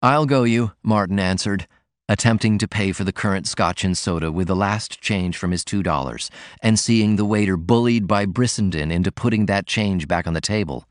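A man narrating an audiobook in a measured, steady reading voice. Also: deep voice, no echo, studio quality.

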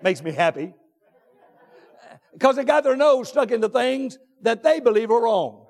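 Man, pastor, very high-pitched voice, emphatic sermon, drawn-out repeated phrases, long reverb of a big church hall. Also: animated. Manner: emphatic preaching, rising to shouts on key points; drawn-out deliberate phrasing with repetitions. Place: church sanctuary.

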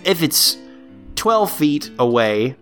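A man co-hosting a casual podcast, sarcastic and animated, laughing often as he talks. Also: a little high, slow, faint music behind. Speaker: podcast co-host.

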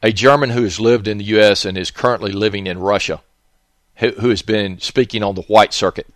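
A man's voice: on the low side, fairly even intonation, a little fast, dry recording, clean studio sound. A man with a Southern accent, hosting a rambling monologue in a blunt, profane, digressive way.

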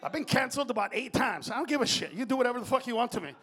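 Man comic, very high voice, loud and foul-mouthed on a club stage, slips into Spanish slang. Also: animated, very fast, breathy edge. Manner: profane, shouting, mixes in Spanish slang. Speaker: stand-up comedian. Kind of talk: live stand-up comedy.

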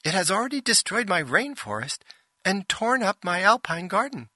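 A man's voice: high-pitched, very animated, normal speed, bright, forceful tone, breathy edge, dry recording, clean studio sound, voice pushed up, full character voice. A man voicing a female starship intelligence, formal, precise and fretful. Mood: alarmed.

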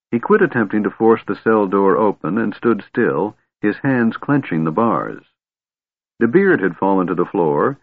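Husky low-voiced male fantasy narrator. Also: no room sound. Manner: measured, steady storytelling. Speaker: audiobook narrator. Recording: tinny narrow-band recording.

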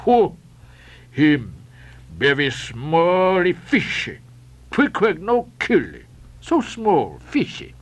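A man voicing a proud male harpooneer who speaks in broken English with calm disdain, in a storybook reading. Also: on the high side, slow, pauses often, heavily acted. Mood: disdainful.

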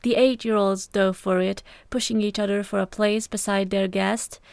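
A woman reading a fan story aloud in a steady, even narration. Her voice is smooth and clear, recorded dry and close to the mic. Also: mid-range voice, normal speed, dry recording. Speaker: podfic reader. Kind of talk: scripted narration.

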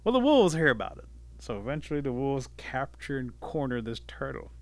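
Guy telling an old animal tale, lively and dramatic, medium voice. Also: medium pitch, a little fast. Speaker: storyteller. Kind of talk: telling a traditional folk tale.

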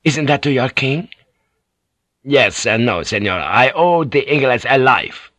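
A man's voice: medium pitch, expressive, a little slow, a bit bright, no room sound. A man playing a hot-tempered male ship's pilot who barks orders and curses. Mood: earnest.

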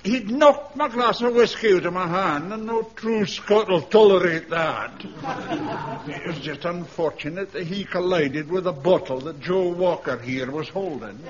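A man's voice: high-pitched, measured pace, a crowd in the background. An actor with a Scottish accent playing a dour old soldier in a radio comedy who insists he did nothing wrong. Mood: sly defensive. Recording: dull archive radio recording with audience laughter.

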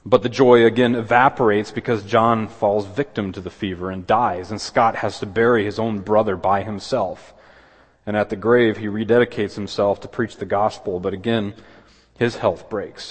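A man preaching a sermon as pastor, earnest, with quick asides and objections voiced in a higher pitch. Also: fairly even intonation, husky. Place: church sanctuary. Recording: long hall reverb.

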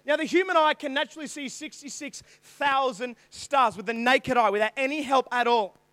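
High-voiced man preaching with loud bursts. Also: moderate pace, no echo. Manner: digressive, with sudden loud bursts when reading scripture. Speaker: youth pastor. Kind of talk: sermon.

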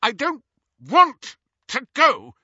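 A man doing a shrill, spiteful girl. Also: animated, slow, no room sound, full character voice. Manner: shrill, scornful, loud. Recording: slightly dull, dry recording.

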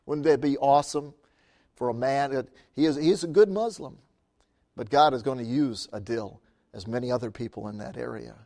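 A man's voice: medium pitch, normal speed, vocal fry, mellow. A man preaching as a missionary, telling stories in a sermon, laughing often and calling out for amens. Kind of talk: sermon storytelling.

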